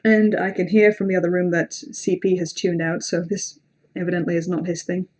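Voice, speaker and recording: A woman's voice: on the low side, little pitch movement, brisk, darkish tone. A young British woman with a British accent, chatting casually on a livestream between horror story readings, rambling, self-deprecating and sweary. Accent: British English. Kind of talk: casual live-stream chat and story reading.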